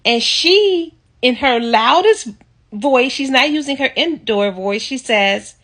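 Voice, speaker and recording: A woman casually telling a personal story on her video channel, reflective and lively when she quotes people. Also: high voice, slow pace. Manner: reflective, animated when quoting others.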